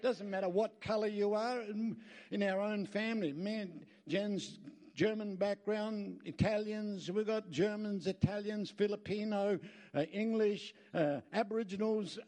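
A man's voice: high-pitched, fairly even intonation, a little slow, darkish tone. An Australian man speaking as a guest at a church, preaching emphatically, telling folksy stories with rambling asides and calling out for amens. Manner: emphatic, calls out for amens from the crowd.

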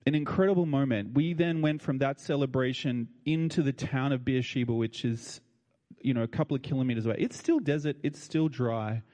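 A man's voice: medium pitch, a little fast, darkish tone. An older man with an Australian accent telling a heartfelt personal story to an audience in a colloquial, emotional way. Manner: colloquial and heartfelt, with feeling in his voice. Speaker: speaker addressing an audience. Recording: long reverb of a large hall.

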